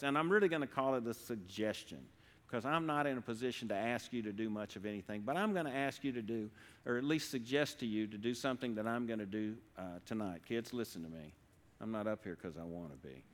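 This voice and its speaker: A man giving an earnest devotional talk at a church service, halting and restarting as he speaks slowly. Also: mid-range voice, fairly bright tone, long reverb tail. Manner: earnest, halting, with frequent restarts and slow pauses. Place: church sanctuary.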